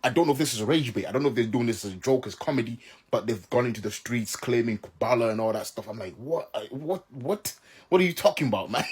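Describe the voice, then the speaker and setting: A man's voice: medium pitch, a little mellow, breathy edge. A man from Southern Africa giving casual reaction commentary, exasperated and incredulous, often laughing in disbelief.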